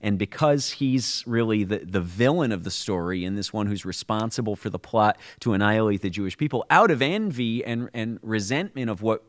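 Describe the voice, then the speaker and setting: Low-voiced man explaining at length. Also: a little fast, few pauses. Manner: explanatory, storytelling with frequent restarts. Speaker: podcast co-host. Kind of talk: conversational explanation.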